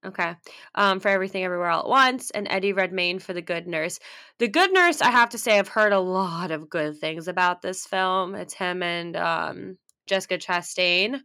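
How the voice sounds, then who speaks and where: Bright-voiced female co-host. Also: fairly low pitch, normal speed. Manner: reads nominee lists, filler-heavy, unsure of names. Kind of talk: casual film award chat.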